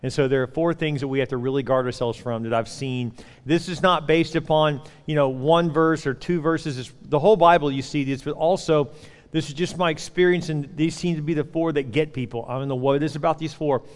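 A man in his forties preaching a sermon as pastor, animated and acting out voices while he tells stories. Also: fairly high pitch, fairly quick. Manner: animated storytelling, acts out voices. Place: church auditorium. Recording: long hall reverb.

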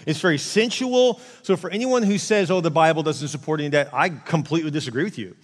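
A pastor preaches a sermon in a large church hall, speaking fast in a voice on the high side. His style is casual and conversational, often restarting and acting out quotes in asides, and the recording carries long hall reverb.

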